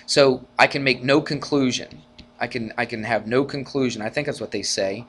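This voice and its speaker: Male math teacher, classroom lecture, conversational, keeps asking the class questions, animated when acting out examples. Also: mid-range voice, normal speed. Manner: conversational, asks the class frequent rhetorical questions; animated, acts out arguments in a rising voice.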